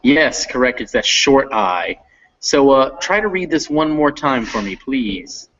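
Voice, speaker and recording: Male tutor, patient pronunciation coach, slow delivery, muffled video-call sound. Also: medium pitch, big pitch swings, a bit bright. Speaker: teacher. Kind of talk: online reading lesson.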